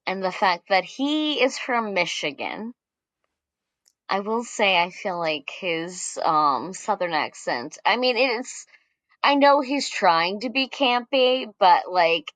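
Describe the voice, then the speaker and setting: A woman's voice: medium pitch, animated, takes it slowly, fairly bright tone, no room sound. A woman from the American South, a podcast guest, chatting casually with wry humor. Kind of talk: casual chat.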